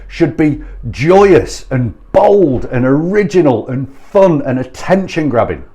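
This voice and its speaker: A man's voice: medium pitch, warm tone. A man who works as a sales trainer, ranting bluntly and exasperatedly straight to camera with some swearing. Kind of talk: ranting direct-to-camera address.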